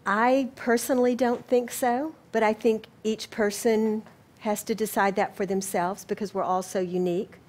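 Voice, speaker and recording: Gentle Southern woman lecturing. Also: medium pitch, steady tone, moderate pace. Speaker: speaker. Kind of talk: spiritual lecture. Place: lecture room with audience.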